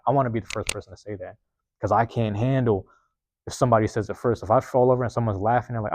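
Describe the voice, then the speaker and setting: Fast-talking low-voiced man, profane. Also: fairly even intonation, darkish tone, no room sound. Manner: profane, rambling, streetwise talk; self-reflective, keeps checking in with listeners. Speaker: podcast host. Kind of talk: casual monologue.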